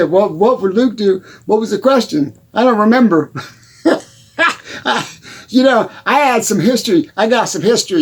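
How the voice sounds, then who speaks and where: A rambling, forgetful country musician, played by a man with a Texan drawl, chuckling his way through a comedy monologue. His voice sits fairly high for a man, and his thoughts wander off mid-sentence. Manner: rambling, giggly, loses his train of thought. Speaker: comedy character host.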